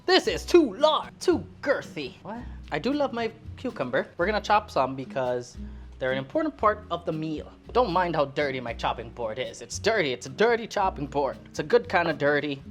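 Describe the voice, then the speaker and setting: A cooking vlogger in her late twenties chats casually while she cooks, joking, swearing and rambling at a moderate pace. She's lively, and her voice jumps up high when she gets excited. Faint music plays behind her.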